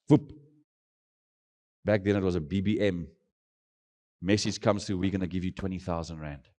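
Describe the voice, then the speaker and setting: A South African man telling his testimony as an emotional preached story, swinging between loud and soft. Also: deep voice, fairly even intonation, normal speed, pauses often, long reverb tail. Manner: dramatic storytelling with big swings in loudness, mixing in Afrikaans phrases. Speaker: missionary sharing his testimony.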